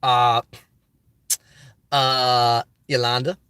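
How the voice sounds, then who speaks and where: A man's voice: mid-range voice, flat delivery, drawn-out words, sharp tone, clean tone, no room sound. A middle-aged man hosting a live stream, reading viewer comments aloud and answering them in passionate, ranting casual talk. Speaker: livestream host. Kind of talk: casual live-chat reply.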